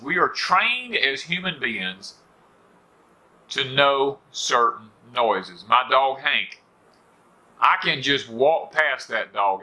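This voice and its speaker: A man's voice: medium pitch, bright, forceful tone. A middle-aged man with a Southern US accent, hosting a rambling, folksy porch talk for viewers and leaning on "you know" fillers. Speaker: homestead channel host. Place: on a porch at home.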